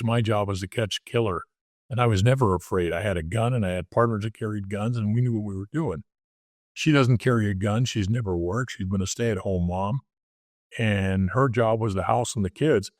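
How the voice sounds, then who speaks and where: A man's voice: fairly low pitch, fairly quick, dry recording, studio quality. An older man, a retired detective, telling candid stories as an interview guest. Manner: plainspoken, candid storytelling. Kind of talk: casual interview storytelling.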